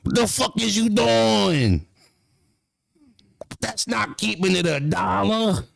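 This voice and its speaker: A man's voice: high voice, big pitch swings, slow pace, creaky, slight background noise, voice pushed up, full character voice. A man with a Philadelphia accent putting on an angry, demanding male boss who scolds an employee. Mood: scolding. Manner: yelling, scolding.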